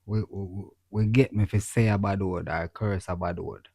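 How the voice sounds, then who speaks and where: A man's voice: low-pitched, steady tone, moderate pace, creaky, darkish tone, dry recording. A man from Jamaica with a Jamaican accent, co-hosting a podcast in casual chat, laid-back and agreeable, slipping into patois. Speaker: podcast co-host. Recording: dull lo-fi audio.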